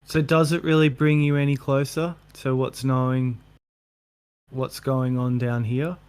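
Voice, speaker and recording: A man's voice: mid-range voice, level tone, measured pace, darkish tone, clean tone. Een man die koppig en afwijzend tegenspreekt in een verhit online debat. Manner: stubborn, dismissive. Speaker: flat earth panelist.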